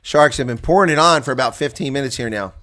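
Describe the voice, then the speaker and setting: A man calling a rugby match live as a chatty, excitable watch-along commentator, with a congested throat that keeps him coughing. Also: mid-range voice, fast talker. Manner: chatty and excitable, laughs at players' mistakes. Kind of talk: live play-by-play reaction commentary.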